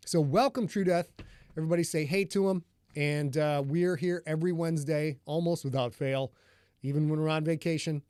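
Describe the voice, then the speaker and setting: A rambling, chatty man from northern Michigan hosts a live stream before a reading and greets viewers as they arrive. His voice sits a bit high for a man. The sound is dry and close, with almost no room. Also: steady tone, a little fast, darkish tone, clean tone, no room sound. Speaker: author hosting a live podcast reading. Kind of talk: casual chat with a live stream audience.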